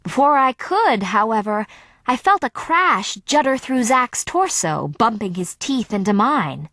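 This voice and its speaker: Measured, expressive woman narrator. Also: a little high, no room sound, clean studio sound. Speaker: audiobook narrator. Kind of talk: scripted audiobook narration.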